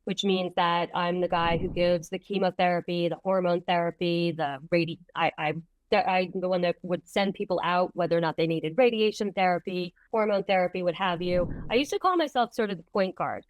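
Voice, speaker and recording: A woman in her fifties with a New York accent, a medical oncologist talking in an animated, chatty way as an interview guest. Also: lowish voice, fairly quick, highs cut off, a little hiss or hum. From Long Island, New York. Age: 50s. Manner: animated, chatty, self-deprecating laughter. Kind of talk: conversational interview.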